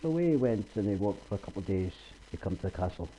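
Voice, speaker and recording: A man telling a traditional folk tale aloud in a homely, unhurried way. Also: lowish voice, expressive, mellow, slight background noise, poor audio. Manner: homely, unhurried, repetitive "he says". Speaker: storyteller.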